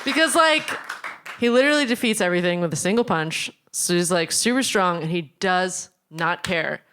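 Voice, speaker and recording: Bubbly young woman, live panel co-host, quick asides and frequent laughs. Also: fairly low pitch, fairly bright tone, clean tone. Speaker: podcast co-host. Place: live studio stage with audience.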